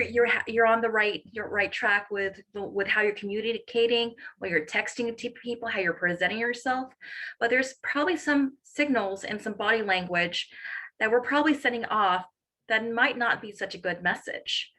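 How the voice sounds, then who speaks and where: A woman presenting in an online webinar, explaining communication etiquette to high school students, often restarting and rephrasing as she goes. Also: sharp tone, low-quality recording.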